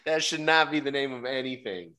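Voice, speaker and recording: A man's voice: mid-range voice, animated, a little fast, sharp tone. Guy co-host, jokey, playfully grossed out, ribbing his friend. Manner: teasing, playfully disgusted. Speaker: podcast co-host. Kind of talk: casual chat.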